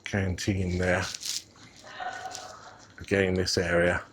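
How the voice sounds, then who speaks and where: A fairly low-voiced man strolling city streets while filming, chatting away to his viewers and thinking out loud. He talks into a mic clipped under his coat, and faint street noise sits behind him. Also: monotone, takes it slowly. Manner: chatty, musing aloud, addresses viewers as guys. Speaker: vlogger. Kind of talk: casual walking-tour commentary. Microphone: clip mic under his coat.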